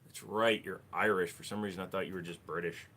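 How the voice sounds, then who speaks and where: A man's voice: sits low, fairly even intonation, fast, a bit bright. A man hosting a casual livestream, reading chat messages aloud and answering with crude jokes. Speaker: livestream host.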